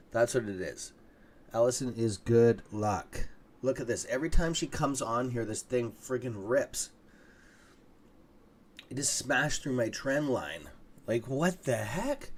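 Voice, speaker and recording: A tired, yawning man hosting a casual live stock market stream, rambling and swearing now and then. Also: mid-range voice. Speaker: stock trading livestream host.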